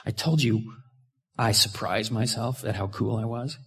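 A middle-aged male pastor preaching, with a gravelly, slightly husky voice. He tells a personal story in a sermon, dropping to hushed asides and rising to loud bursts. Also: on the low side, a little slow.

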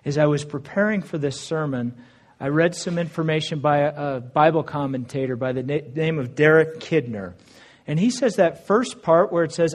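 Earnest, slightly high-voiced male preacher. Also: normal speed. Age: adult, married. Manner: earnest, conversational preaching with scripture readings. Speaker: pastor. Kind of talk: sermon.

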